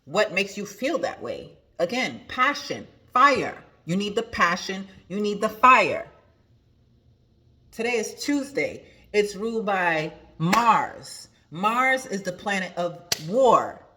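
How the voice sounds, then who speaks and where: Woman, spiritual coach, motivational talk, emphatic, repetitive, crisp bright tone. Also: medium pitch, very animated, slow. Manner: emphatic, preachy, repeats phrases.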